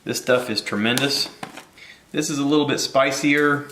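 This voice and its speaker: A man with a bright, clear voice rambles jokily through a casual cooking video, poking fun at himself. He is recorded in an echoey home kitchen, with a faint hiss behind him. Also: mid-range voice, fairly even intonation, moderate pace. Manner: rambling, jokey, self-deprecating.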